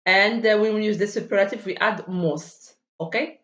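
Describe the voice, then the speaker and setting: A woman's voice: mid-range voice, moderate pace, a bit bright. A woman teaching an English grammar lesson, speaking with many hesitations and fillers and drilling word forms aloud. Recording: dull, echoey room.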